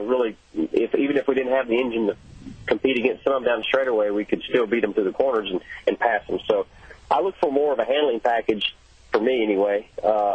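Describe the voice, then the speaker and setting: A man's voice: mid-range voice, breathy edge, no echo. A man who drives race cars, calling in for a phone interview and explaining things in an easygoing, laid-back way. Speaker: race car driver guest. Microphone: telephone. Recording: tinny dry phone line.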